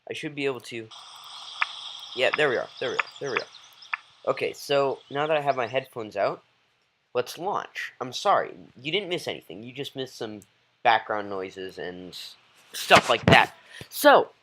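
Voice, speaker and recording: A man giving rambling, excitable gameplay commentary as a YouTuber, talking straight to his viewers. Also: mid-range voice, a little slow, slight background noise, rough recording. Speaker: gaming YouTuber.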